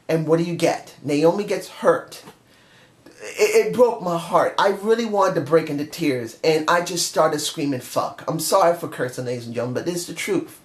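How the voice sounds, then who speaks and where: A man giving an emotional, passionate review in a casual monologue straight to his viewers. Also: fairly high pitch. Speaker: wrestling show reviewer. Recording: echoey room.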